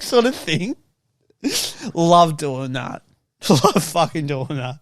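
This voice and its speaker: A man's voice: on the high side, takes it slowly, dry recording, clean studio sound. A young man co-hosting a podcast, swearing freely and acting out the people in his car stories. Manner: sweary, acts out voices in anecdotes. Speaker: podcast co-host. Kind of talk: casual podcast banter.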